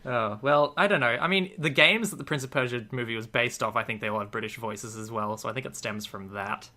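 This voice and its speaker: Bright-voiced man joking on a podcast. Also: mid-range voice, a little fast. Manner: jokey, laughs often. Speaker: podcast co-host. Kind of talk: casual chat.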